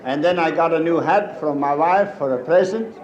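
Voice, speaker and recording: A man's voice: on the high side, normal speed, dull audio. A man with a Pennsylvania Dutch accent telling folksy jokes with dry one-liners in a live stand-up set. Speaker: stand-up comedian. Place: stage before a live audience. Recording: old live recording in a roomy hall with crowd and hiss.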